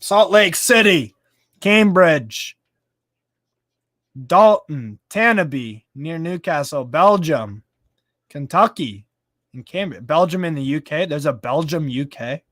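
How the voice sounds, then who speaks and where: A man hosting a casual live football stream. He reads out viewer comments in a chatty, excitable way, swears casually and laughs often. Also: high voice, no room sound, clean studio sound. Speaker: live stream host reading fan chat.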